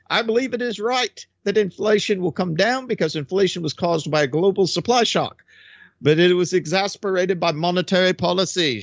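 A man's voice: high voice, breathy edge, no echo, highs cut off. A man giving sarcastic political commentary, mocking his subject and laughing at his own jokes. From United States.

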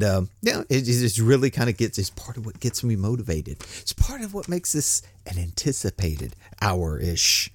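With a lowish voice and no echo in the recording, an older podcast host talks on his own in a casual, rambling, folksy manner, frequently breaking into chuckles.

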